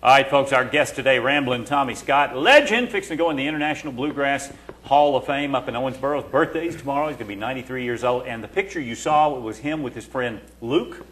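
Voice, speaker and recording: A man hosting a TV interview show, introducing and questioning his guest. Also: medium pitch. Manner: lively, quick interviewer's patter. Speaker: TV show host.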